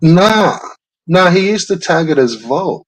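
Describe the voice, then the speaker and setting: A man in a casual chat, relaxed and swearing freely as he tells stories. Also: high voice, measured pace, low-quality recording. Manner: swears freely, laid-back banter.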